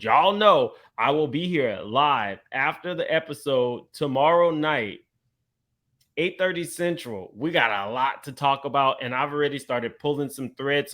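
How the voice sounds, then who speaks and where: A man hosting a casual reality-TV gossip commentary, chatty and quick to laugh, talking straight to his viewers. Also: mid-range voice, fairly bright tone. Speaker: commentary channel host.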